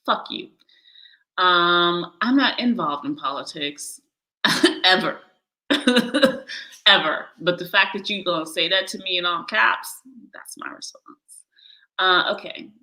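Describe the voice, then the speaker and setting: A woman's voice: fairly low pitch, slow pace, pauses often, sharp tone, rough recording. A woman hosting a casual live chat from Ghana, blunt and swearing, often breaking into laughter. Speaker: livestream host. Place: lives in Ghana.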